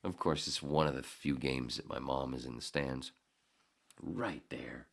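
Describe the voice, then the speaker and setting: A man's voice: extremely low pitch, unhurried, vocal fry. A man in his fifties, a podcast host, telling a story in a casual, heated and profane way. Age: 50s.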